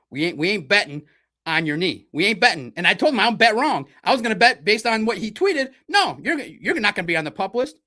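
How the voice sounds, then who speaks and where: A man from Detroit, United States, hosts a livestreamed sports podcast in a high, sharp voice. His delivery is blunt, combative and full of profanity.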